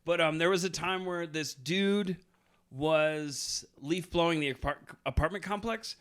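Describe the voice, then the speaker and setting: A man's voice: fairly high pitch, a little slow, a bit bright, clean tone. A young man co-hosting a podcast, chatting casually, telling jokey stories and swearing freely. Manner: joking storyteller, swears freely. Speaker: podcast co-host. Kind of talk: casual chat.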